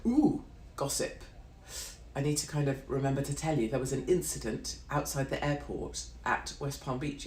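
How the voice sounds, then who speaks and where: A middle-aged British woman delivering a brash, sweary, sarcastic live-stream rant. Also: low-pitched. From Britain. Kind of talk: ranting live-stream monologue. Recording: roomy echo.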